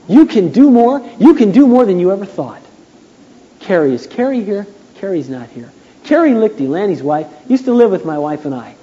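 A man preaching a sermon, telling stories from his life and acting out the voices of the people he quotes. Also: normal speed. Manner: storytelling, acts out quotes in a high excited voice. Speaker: pastor. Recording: dull 1980s church tape in a reverberant hall.

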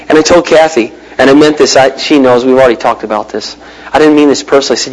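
A man preaching a sermon as a pastor, telling personal stories in a lively way with big swings in his voice and quick impressions of other people. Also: low-quality recording. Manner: animated storyteller, big pitch swings, mimics voices.

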